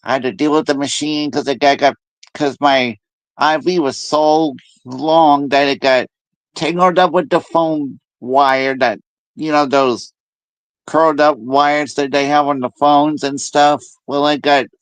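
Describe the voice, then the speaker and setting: A man chatting casually as host, telling stories in a lively way and mimicking other people's voices. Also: fairly high pitch, unhurried, clean tone, dry recording. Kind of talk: casual chat.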